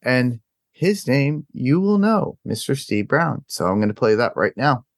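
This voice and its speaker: A man hosts a podcast in casual chat, moving loosely from one segment to the next. His voice swings up and down with lively pitch, and the recording is dry and close, with no room sound. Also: a little slow, no echo. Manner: loose, segue-style hosting. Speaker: podcast host.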